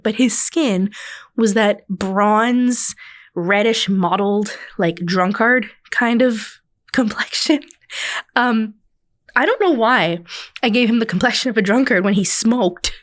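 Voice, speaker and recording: A woman's voice: fairly high pitch, measured pace, dry recording. A woman hosting her own podcast, telling a childhood story in a casual, rambling way, correcting herself and laughing now and then. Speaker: podcast host.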